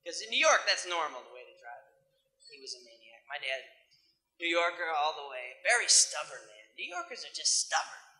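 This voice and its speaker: A young male stand-up comedian with a slightly high, bright, forceful voice rambles through his set in a laid-back, slangy way. The recording comes from a 1980s club with lots of room echo.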